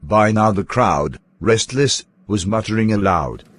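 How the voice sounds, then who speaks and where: A man narrates a rhyming tale in a measured, storytelling manner. He keeps a slow pace and a fairly low voice. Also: expressive, fairly bright tone.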